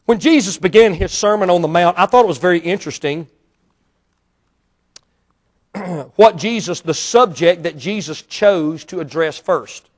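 A man, a Baptist pastor preaching a sermon in a church auditorium, emphatic and swinging between hushed asides and loud outbursts. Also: sits high, moderate pace.

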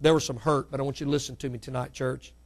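A middle-aged male pastor preaching a sermon, with sudden loud climbs and hushed drops. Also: mid-range voice, little pitch movement, rapid-fire.

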